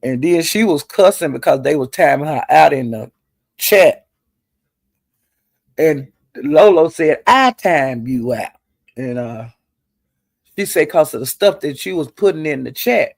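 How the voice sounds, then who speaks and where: A middle-aged woman telling gossip in a chatty, salty way, calling listeners honey and girl and jumping her pitch up high when she quotes people. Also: unhurried, gravelly, long pauses, no room sound. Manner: animated, jumps her pitch up high when quoting others. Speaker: online commentator. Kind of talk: casual gossip storytelling.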